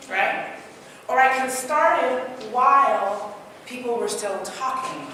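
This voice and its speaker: A woman from Trinidad giving an interactive workshop talk, animated and quizzing her audience. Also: fairly high pitch, slow pace, long pauses. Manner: animated, asks the audience many questions. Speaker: speaker and trainer. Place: large hall. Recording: echoey hall from far off, noisy.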